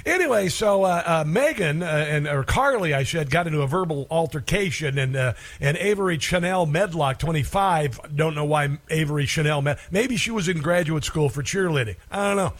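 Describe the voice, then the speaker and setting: A man hosting a talk radio show, speaking in a sarcastic, halting monologue full of fillers. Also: on the high side.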